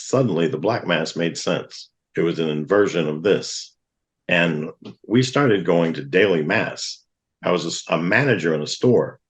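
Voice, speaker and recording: Man, very low voice, middle-aged, earnest testimony, vivid storytelling. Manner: earnest, vivid retelling with acted-out quotes. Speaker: guest.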